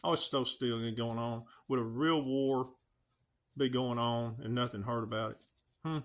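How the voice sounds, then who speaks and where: A man's voice: medium pitch, steady tone, measured pace. A man, ranting earnestly to his channel's viewers, pleading and firing off rhetorical questions. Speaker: video channel host. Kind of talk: emotional direct-to-camera rant.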